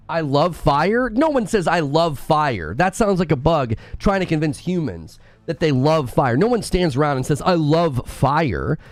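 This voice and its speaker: A man's voice: fairly high pitch, no room sound. Indignant mock-paranoid male streamer. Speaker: gaming streamer. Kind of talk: comedic rant to live chat.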